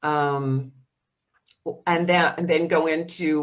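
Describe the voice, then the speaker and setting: Woman, dementia specialist, slightly low voice, hesitant, many ums and restarts, video call workshop. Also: slow pace. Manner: acts out gentle caregiver phrases. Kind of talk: workshop answering questions.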